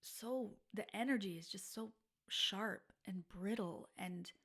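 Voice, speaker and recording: A woman in her forties hosting a podcast, telling personal stories in a candid, reflective monologue that sometimes drops to a soft, breathy near-whisper. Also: medium pitch, slow. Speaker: podcast host.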